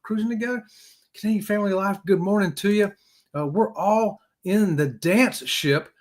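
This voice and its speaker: A man's voice: high-pitched, normal speed. A man hosting a casual live-stream chat, jokey and talkative, greeting viewers by name.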